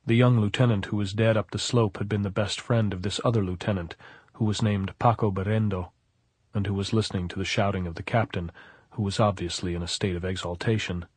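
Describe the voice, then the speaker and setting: Low, husky male audiobook narrator. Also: a little fast, no echo. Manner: steady, even storytelling. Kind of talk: scripted narration.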